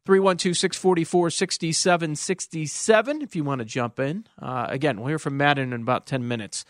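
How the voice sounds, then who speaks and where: A man's voice: a little high, fairly quick, no room sound. A man hosting a sports talk radio show, opinionated and wry, taking callers and reading texts in the studio. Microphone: studio microphone.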